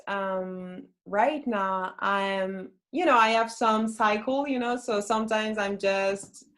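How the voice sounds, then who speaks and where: A woman with a French accent, a non-native English speaker, chatting as a guest musician over a video call. She talks haltingly, restarts often and searches for her words. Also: mid-range voice. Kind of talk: casual interview chat.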